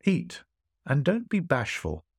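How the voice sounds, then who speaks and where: Man doing a high, insistent rich host, grand and teasing, lively swings, dry close sound. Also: slow, slightly rough, dry recording, full character voice. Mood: pressing, showy. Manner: high, insistent, grandly pressing food on a guest. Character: boastful wealthy male host, teasing and showy. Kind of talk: storytelling voice acting.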